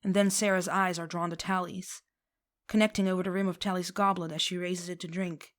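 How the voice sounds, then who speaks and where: A woman reads a fan fiction story aloud with a lowish voice. She reads expressively, slipping into voices for the characters. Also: level tone, a little fast. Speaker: reader.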